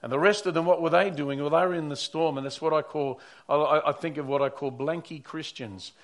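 A man preaching a Sunday sermon in a conversational way, swinging between loud emphatic lines and quiet asides. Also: on the high side, steady tone, fairly quick. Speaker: pastor.

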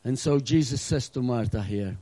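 Male pastor, middle-aged, warm mellow tone, dry close sound, earnest sermon delivery. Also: medium pitch, normal speed, no echo, poor audio. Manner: earnest preaching with acted-out asides, drops to a hush.

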